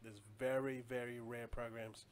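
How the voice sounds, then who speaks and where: A man's voice: medium pitch, little pitch movement, moderate pace, slight background noise. A man chatting casually on a live stream, rambling loosely and answering viewer comments as he goes.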